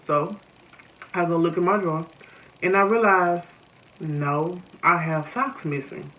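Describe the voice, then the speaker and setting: A woman's voice: on the low side, measured pace. A young woman with a Southern American accent, vlogging a casual storytime and talking straight to her viewers. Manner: animated, addresses viewers as y'all. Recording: slightly muffled with faint noise.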